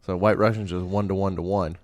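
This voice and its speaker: A man's voice: deep voice, brisk, no echo, highs cut off. A tired man telling stories in a casual podcast chat, laughing often. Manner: laughs a lot, animated storytelling. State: tired after a night shift. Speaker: podcast co-host.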